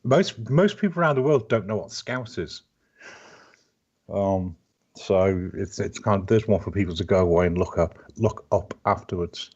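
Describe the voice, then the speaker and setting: A man in his fifties with a Liverpool accent chats as a guest, his voice sitting a touch low. He rambles and restarts his sentences as he goes. The sound is dull and lo-fi, like call audio. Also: lively intonation, normal speed, darkish tone, husky. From Liverpool, England. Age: 50s. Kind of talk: casual live-stream chat.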